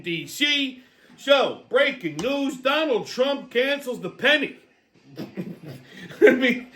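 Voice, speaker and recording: A man's voice: high voice, bright, forceful tone. Profane, ranting male commentary host. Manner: profane, ranting, repeats himself. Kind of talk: political rant, casual commentary.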